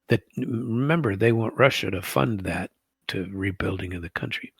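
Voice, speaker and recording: A low, gravelly man talks in a rambling, sardonic solo commentary. His voice is very husky and rough. He is recorded close and dry, with no room sound. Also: normal speed, no room sound. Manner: rambling, sardonic, reads posts aloud with asides. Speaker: political commentary host.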